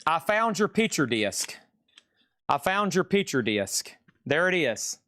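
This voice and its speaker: Male auction host for a live record sale: quick, chatty bid-calling, slightly high pitch, dry recording. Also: very animated, pushed and bright, no echo.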